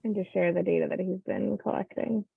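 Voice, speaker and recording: Gravelly woman chairing a meeting over a tinny line. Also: medium pitch, fairly quick, no echo. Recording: dry tinny phone-like audio.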